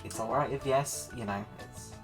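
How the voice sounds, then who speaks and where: Over music, a man with a mid-range voice speaks at normal speed, giving casual commentary on a novel. He reads excerpts aloud, laughs frequently, and keeps a chatty, sardonic tone.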